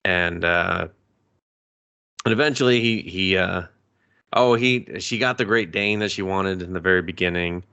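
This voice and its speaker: A man's voice: sits low, moderate pace, sharp tone, clean tone, muffled recording. A man co-hosting a podcast, chatting casually as he retells a movie and acts out the characters' lines. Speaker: podcast co-host. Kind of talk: casual movie review chat. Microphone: podcast microphone.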